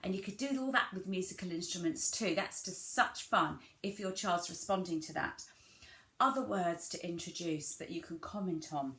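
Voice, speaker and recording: A woman giving a gentle instructional talk to parents, demonstrating play ideas and modelling simple words in an exaggerated sing-song way. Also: fairly low pitch, moderate pace. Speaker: family centre early years practitioner. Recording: echoey room with clear background noise.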